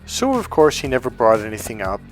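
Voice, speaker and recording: A male life coach telling stories in a casual, animated way, bluntly swearing and acting out the people he quotes with raised voices. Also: mid-range voice, fairly quick, faint music behind. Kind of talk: casual storytelling monologue.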